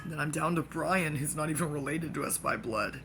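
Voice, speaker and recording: A speaker delivering a rambling comic monologue that jumps between topics, with excitable outbursts and sudden drops into whispers. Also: medium pitch, fairly quick, heavy background noise.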